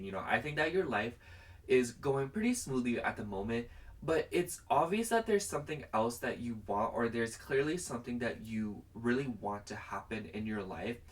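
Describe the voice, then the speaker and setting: A man's voice: medium pitch, big pitch swings, moderate pace, distant mic. A young man chatting casually through a pick-a-card tarot reading to camera, rambling and filling his talk with "like". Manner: chatty and rambling, heavy use of "like". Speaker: tarot reader.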